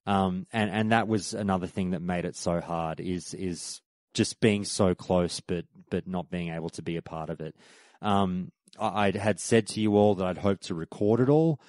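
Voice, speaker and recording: A man's voice: sits low, moderate pace, darkish tone, dry recording. An Australian man hosting a podcast, telling a rambling, conversational story with frequent restarts. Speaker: podcast host. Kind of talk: casual storytelling recap.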